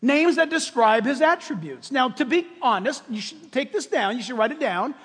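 A male pastor with a strikingly high voice preaches with passion and emphasis, often pushing up into shouts. His voice rings through a church with a long, echoing reverb trail. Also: animated, normal speed, slightly rough. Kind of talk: sermon. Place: church sanctuary with congregation.

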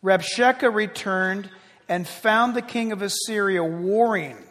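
A man preaching a sermon as pastor, animated and conversational, often acting out quotes. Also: sits high, unhurried, long reverb tail.

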